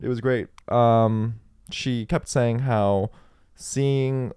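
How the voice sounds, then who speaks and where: A man's voice: mid-range voice, fairly even intonation, extremely slow, a little mellow, clean tone, no room sound, studio quality. A man from El Paso, Texas co-hosting a podcast in loose, joking casual chat, laughing often. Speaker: podcast co-host.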